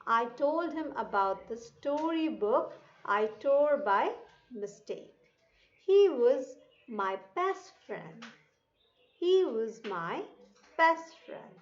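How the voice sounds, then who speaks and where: A woman teacher with an Indian accent reads a children's passage aloud, repeating each line. She talks slowly and deliberately, spelling out words and stressing sounds. The voice sits a bit high and the recording is dull and lo-fi. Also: big pitch swings. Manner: slow, careful pronunciation drills. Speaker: English teacher. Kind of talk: reading lesson for children.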